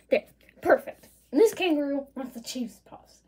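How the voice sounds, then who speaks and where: Speaking at a normal speed in a high voice, a woman talks through her doodles for her art channel. She's playful and chatty, reading out prompts in animated voices.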